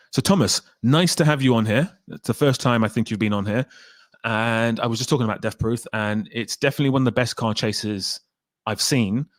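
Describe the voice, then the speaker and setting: A man hosting a casual live stream, reading out viewer comments in a lively, excitable way and swearing freely. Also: medium pitch, no echo, studio quality.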